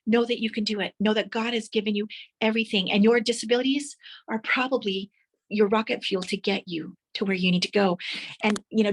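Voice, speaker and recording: Woman, motivational speaker, mid pitch, vivid storytelling, guides listeners through imagining. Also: fairly bright tone. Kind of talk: motivational speech.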